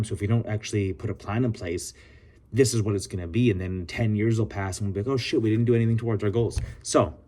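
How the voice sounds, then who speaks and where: A man's voice: lowish voice, slight background noise. A young man vlogging, telling stories in a loose, chatty way full of casual swearing. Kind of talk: casual vlog storytelling.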